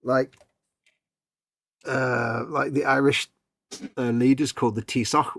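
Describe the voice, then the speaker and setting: Chatty man with a husky voice. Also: medium pitch, level tone, slow, dry recording. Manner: chatty, laughs often, drifts into soft trailing asides. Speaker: livestream co-host. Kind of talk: casual chat.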